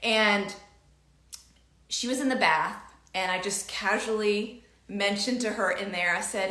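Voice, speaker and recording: Animated middle-aged woman host, bright tone, roomy echo. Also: unhurried. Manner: animated, acts out quoted dialogue with big pitch jumps. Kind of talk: casual storytelling chat. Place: home room. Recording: echoey room.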